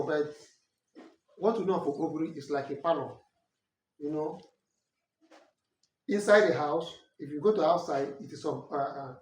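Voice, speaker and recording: A Nigerian man whose first language is Ikwerre teaches language and culture in an earnest, corrective talk explaining names and dialect words. His voice is on the high side and a little mellow, recorded by a distant mic with roomy echo and faint noise.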